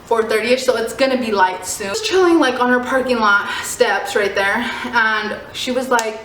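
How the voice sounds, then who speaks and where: A young woman telling a story in a casual vlog, animated and swearing, full of "like". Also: fairly high pitch, normal speed. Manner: animated, swearing, heavy use of "like". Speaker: storyteller vlogger. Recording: echoey room, faint noise.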